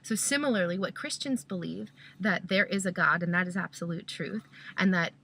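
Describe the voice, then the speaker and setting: Bright-voiced woman teaching casually. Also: lowish voice, normal speed, creaky. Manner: explains step by step, often checks in with "okay?". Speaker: Christian parent giving a talk on truth.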